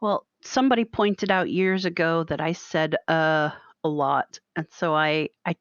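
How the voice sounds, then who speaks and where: A woman with a West Coast American accent chats easily in an online game group, pausing instead of saying uh. Her voice comes through a push-to-talk mic, dry and a little dull, like a lo-fi call. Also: on the low side, no echo. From West Coast of the United States. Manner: laid-back, pauses instead of saying uh, laughs often. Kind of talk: casual chat over voice chat. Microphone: push-to-talk voice chat mic. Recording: dull lo-fi voice chat.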